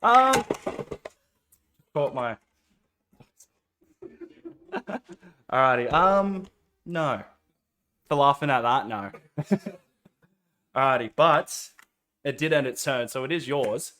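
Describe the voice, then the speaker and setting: A man with an Australian accent narrating a tabletop game as game master in a relaxed, rambling way, often laughing. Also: mid-range voice, takes it slowly, pauses often, a little hiss or hum.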